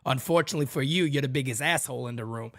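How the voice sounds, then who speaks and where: A man's voice: medium pitch, very fast, fairly bright tone, dry recording, clean studio sound. A man hosting a fan podcast, ranting in a heated, blunt and profane way and speaking straight to his listeners. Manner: talks straight to listeners as "guys" and "folks". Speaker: podcast host.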